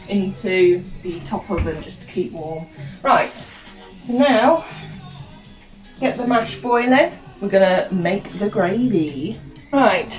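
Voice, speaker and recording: A woman's voice: on the high side, poor audio. A British woman vlogging as she cooks a roast dinner in her home kitchen, chatty and giggly, explaining each step to her viewers. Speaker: cooking vlogger. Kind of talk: casual cooking walkthrough. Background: background music and pans.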